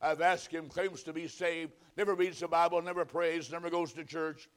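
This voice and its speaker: A man preaching a sermon, telling a story in hushed tones and building to forceful exhortation. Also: fairly high pitch, steady tone, normal speed. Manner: storytelling with hushed quoted whispers and rising exhortation.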